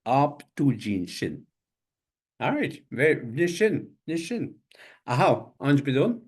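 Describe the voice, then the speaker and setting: Slow, lively older man teaching words. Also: mid-range voice, slightly rough. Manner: slow, repeats each word several times and spells it out. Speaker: language instructor. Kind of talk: online language lesson. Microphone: video call.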